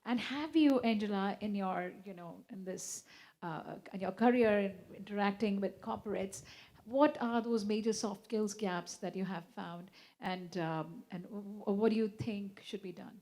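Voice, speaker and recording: A woman's voice: medium pitch, a little mellow. Woman moderator, polite, lots of ums, conference panel. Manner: courteous, halting with many fillers. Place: conference hall.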